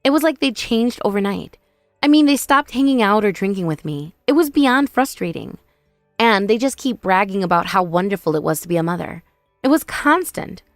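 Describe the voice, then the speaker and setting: A woman's voice: mid-range voice, expressive, normal speed, no room sound, soft background music, natural voice. A woman voicing a remorseful young sister-in-law who pleads and whines for forgiveness. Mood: defensive. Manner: pleading, whiny, self-pitying.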